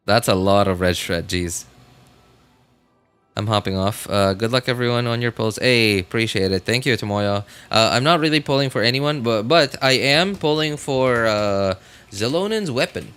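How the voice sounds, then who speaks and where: Man, game streamer, casual rambling chat, lots of fillers and restarts, bright forceful voice. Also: mid-range voice, expressive, normal speed, long pauses, clear, resonant tone, faint music behind. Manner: rambling, self-correcting, many fillers and restarts.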